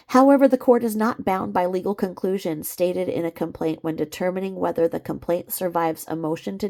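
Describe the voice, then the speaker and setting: A woman with a lowish, gravelly, dark-toned voice reads a court filing aloud, working through the legal citations. Every so often she stops to toss in a sarcastic aside and laugh.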